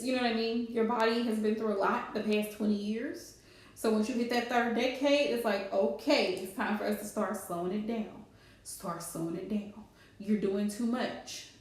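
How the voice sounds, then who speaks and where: A woman, chatting casually on a live stream with playful scolding asides. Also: a little high. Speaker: livestream host. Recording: very echoey room.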